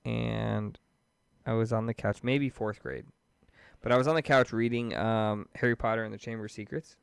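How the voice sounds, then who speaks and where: A man's voice: fairly low pitch, normal speed, vocal fry, smooth, no room sound. Male co-host, mid-thirties, casual storyteller who laughs a lot, dry close mic. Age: 30s. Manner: animated storyteller, laughs often, lots of "like" and "dude". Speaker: podcast co-host. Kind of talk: casual chat.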